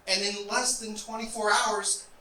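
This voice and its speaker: A man doing a stand-up comedy set on stage, delivering deadpan setups with wry asides. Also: sits high, measured pace, a crowd in the background. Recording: roomy, distant live club recording with noise.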